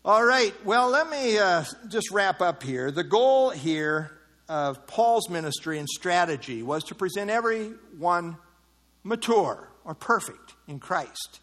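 A man's voice: sits high, big pitch swings, slow pace, fairly bright tone. A man preaching a sermon, teaching verse by verse with frequent "uh" fillers and mocking asides. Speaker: pastor. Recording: evening service.

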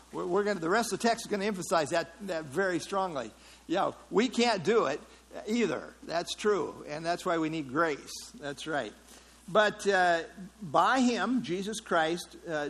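A man's voice: fairly high pitch, a bit bright, husky, low-quality recording. A man leading an interactive Bible study, explaining a passage in a conversational way and putting questions to the class. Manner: conversational, asks the class questions, frequent fillers. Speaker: Bible teacher.

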